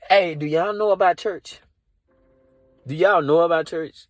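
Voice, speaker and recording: A man's voice: on the high side, measured pace, pauses often, dry recording. A man doing improvised comedy from inside a car, rambling and leaning on "you know" and "like". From Dallas area.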